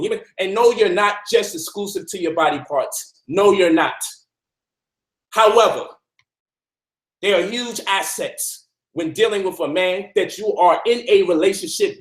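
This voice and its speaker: Man, high voice, emphatic preachy host, echoey room. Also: a bit bright. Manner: preachy, emphatic, addresses listeners directly. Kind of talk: animated teaching talk.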